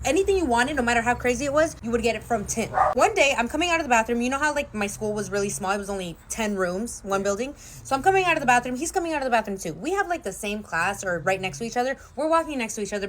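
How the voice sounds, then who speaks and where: A woman's voice: on the high side, slight background noise. Playful woman telling a wild story. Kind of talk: comedic skit clips.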